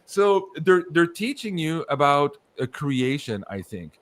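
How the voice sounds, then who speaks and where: A man hosting a podcast, chatting casually and jumping between tangents. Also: a little high. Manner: animated, quick tangents. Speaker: podcast host.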